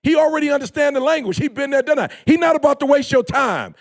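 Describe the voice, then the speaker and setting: A man giving an impassioned, preachy motivational talk in slangy speech, repeating phrases for emphasis and bursting into shouts. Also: extremely high pitch, animated, fast talker. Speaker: motivational speaker.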